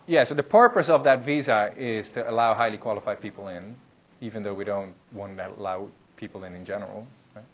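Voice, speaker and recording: A man's voice: lowish voice, a little fast, few pauses. A man lecturing a university class in a loose, conversational way, with many fillers and restarts. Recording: muffled lecture recording with faint hiss.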